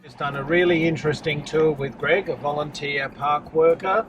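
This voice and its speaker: A relaxed man narrates a drive through a desert park in an easygoing, enthusiastic way, his voice in a middle range. He sits a little back from the mic inside the car, with clear music playing over him. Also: fairly high pitch, moderate pace, distant mic, lo-fi sound. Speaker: travel vlogger. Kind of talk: casual travel commentary. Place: car, driving.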